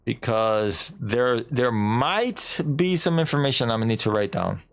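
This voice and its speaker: A man's voice: mid-range voice, expressive, measured pace, vocal fry, clear, resonant tone. A man streaming a video game, chatting casually and mocking himself, now and then slipping into silly put-on voices. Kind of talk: casual let's-play chat.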